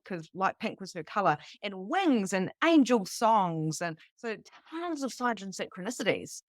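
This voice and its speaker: A New woman in her thirties telling a personal story to a live group, animated and casual, swearing freely. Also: medium pitch, dry recording, studio quality. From New Zealand. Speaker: psychic medium teaching beginners.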